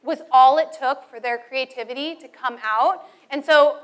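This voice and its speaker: A woman teacher telling animated classroom stories during a training talk and acting out her students and her phone calls. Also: high-pitched, moderate pace.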